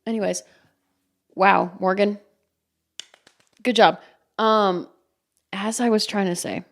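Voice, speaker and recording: A woman's voice: medium pitch, steady tone, slow. A woman hosting a solo podcast, rambling and heavily swearing in a heated rant. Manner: rambling with frequent fillers. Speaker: podcast host.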